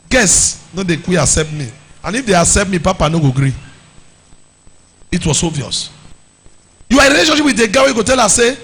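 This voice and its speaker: Animated Nigerian preacher man, gravelly. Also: high-pitched. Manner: animated, mixes pidgin, bursts into shouts and sing-song. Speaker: youth meeting speaker. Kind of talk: sermon to a youth meeting.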